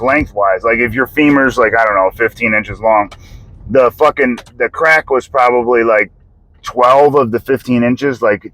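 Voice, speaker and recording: An American man recounts a family story straight to camera. His speech rambles, loose with fillers and swearing, and breaks into short laughs. His voice sits at an ordinary middle pitch. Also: a bit bright, low-quality recording. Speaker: vlogger telling a family story. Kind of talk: casual personal storytelling.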